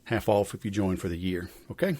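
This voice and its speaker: A man's voice: sits low, animated, a little fast, darkish tone, no room sound. A man hosting a sales podcast in a loose, rambling, joking manner with many fillers. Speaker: podcast host. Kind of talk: casual podcast chat.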